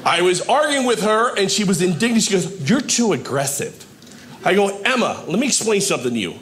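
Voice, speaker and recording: A man performing a stand-up set, telling stories deadpan with punchlines, recorded live. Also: high-pitched, brisk. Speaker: stand-up comedian. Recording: live club with ambient noise.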